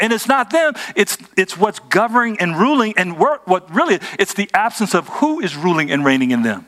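A man's voice: sits high, big pitch swings, moderate pace, few pauses, a bit bright. A man preaching a sermon as pastor, emphatic and conversational, asking his congregation rhetorical questions.

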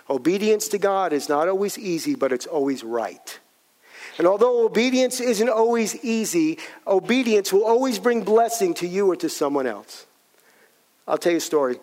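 A man's voice: high-pitched, a little mellow. A middle-aged male pastor preaching a sermon, telling stories animatedly and repeating key lines for emphasis.

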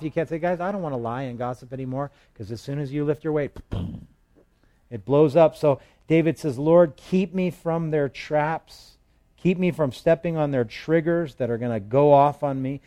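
Mellow-voiced man teaching scripture. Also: mid-range voice. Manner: conversational, reads scripture aloud with emphasis, light humor. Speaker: pastor. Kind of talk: expository Bible teaching.

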